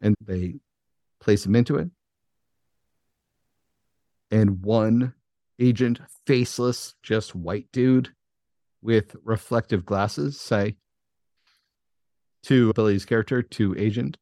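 A man narrating a tabletop game as game master, slow and dramatic, swearing casually. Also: fairly low pitch, mellow, no room sound, studio quality.

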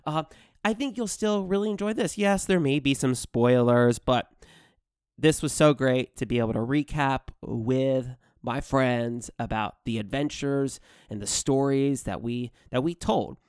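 A man's voice: medium pitch, a little slow, a little mellow, clean tone, dry recording, clean studio sound. A young man hosting a podcast, chatting casually from a hotel room, laughing often and correcting himself as he goes. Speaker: podcast host. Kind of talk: casual chat.

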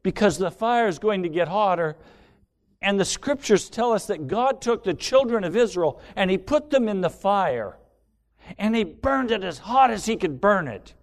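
A man's voice: high voice, expressive, moderate pace. A man preaching a sermon, quoting hymn lines and asking pointed rhetorical questions.

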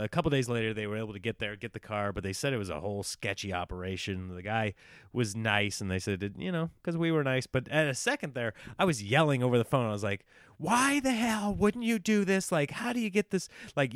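Young guy, casual storyteller, animated and chatty, smooth voice, dry close recording. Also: mid-range voice, dry recording. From small-town United States. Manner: animated, acts out quoted dialogue, frequent fillers and restarts.

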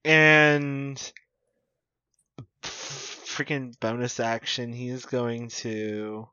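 A man's voice: medium pitch, little pitch movement, very slow, pushed and bright, clear, resonant tone, dry recording, dull audio. A man playing in a tabletop game, describing his character's actions with hesitant fillers and frequent laughs. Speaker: player.

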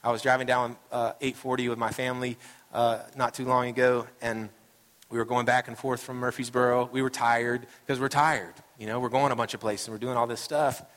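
A man's voice: mid-range voice, level tone, fairly quick, fairly bright tone. A man pastor giving a conversational sermon, telling stories and acting out what people say. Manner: casual and storytelling, acting out quoted voices. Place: church sanctuary. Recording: reverberant hall sound.

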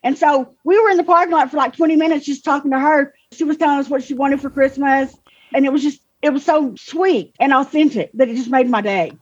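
A woman's voice: high-pitched, a little fast, darkish tone, no room sound, highs cut off. A woman who plays Mrs. Claus, telling a tender story as a guest in a casual interview.

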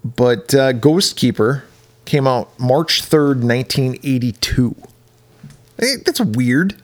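A man's voice: mid-range voice, lively intonation, takes it slowly. A man hosting a podcast in casual chat; he is laid-back, laughs often and swears casually. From United States. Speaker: podcast host.

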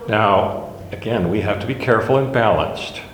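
A man's voice: on the low side, normal speed, slight background noise. A man teaching a casual Bible class in a wry, self-deprecating way, chuckling at his own jokes. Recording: echoey room with long reverb.

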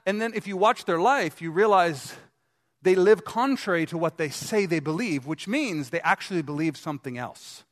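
Male pastor, chatty sermon delivery with questions to the room, a touch high-pitched, reverberant gym. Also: lively intonation, normal speed. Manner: conversational, asks the congregation questions. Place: gym used as a church hall. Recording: long hall reverb.

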